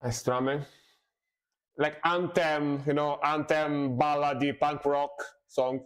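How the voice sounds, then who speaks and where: A man's voice: a little high, little pitch movement, slow, a bit bright. A man reacting to music on a live stream, casual and rambling, with many fillers and repeated words.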